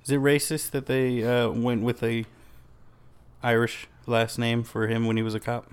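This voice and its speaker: A man's voice: medium pitch, level tone, moderate pace, smooth. Rambling joking podcast co-host, a man. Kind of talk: casual podcast chat.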